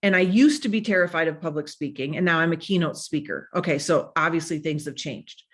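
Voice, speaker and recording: A woman giving an energetic motivational talk as a speaker, animated and playful, coaching her listeners directly. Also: low voice, a little fast, slightly rough.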